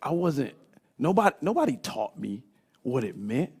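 Animated preacher man, gravelly lively voice. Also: medium pitch, normal speed. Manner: animated storytelling, rising to shouts. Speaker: pastor. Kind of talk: sermon.

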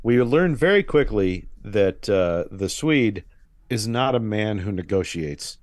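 Man, low voice, podcast co-host, wry and measured, dry sound. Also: expressive, no room sound. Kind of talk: casual movie discussion.

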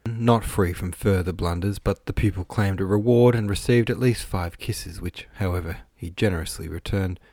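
Low-voiced man narrating a novel. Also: moderate pace, few pauses, darkish tone, dry recording, clean studio sound. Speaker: audiobook narrator. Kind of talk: first-person novel narration.

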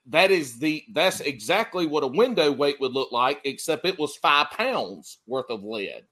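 Man, podcast host, casual, laughs often, swears, slightly high voice, very expressive pitch. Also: measured pace. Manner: animated, laughs a lot, swears freely. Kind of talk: casual chat.

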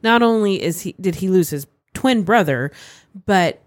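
Woman podcast co-host, mid pitch, steady recap voice, dry close mic. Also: normal speed, no room sound. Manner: plain, matter-of-fact, gently arguing. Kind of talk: casual chat.

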